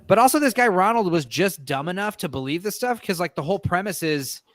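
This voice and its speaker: Man, podcast co-host, high voice, very dry close sound, animated storyteller who swears freely. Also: fairly quick, no room sound. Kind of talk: casual chat.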